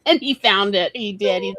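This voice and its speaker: A woman host in casual chat, talking eagerly and rambling with plenty of fillers. Her voice sits at a middle pitch. The recording is close and dry. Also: fairly bright tone, dry recording, poor audio. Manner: chatty, enthusiastic, many fillers. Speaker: host, writer.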